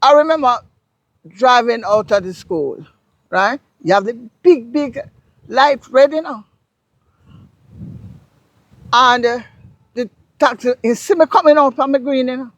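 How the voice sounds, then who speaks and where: A woman from Jamaica with a Jamaican accent, a guest explaining local words in a casual interview, telling stories in an animated, emphatic way. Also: a little high, normal speed, no echo. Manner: animated storyteller, lively and emphatic.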